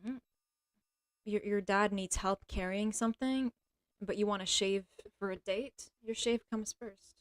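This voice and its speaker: A woman with a slightly mixed American accent chatting casually on a livestream, rambling and playful, often trailing off into quiet mutters. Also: mid-range voice, steady tone, measured pace, dry recording, clean studio sound. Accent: American mixed with another accent. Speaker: live streamer.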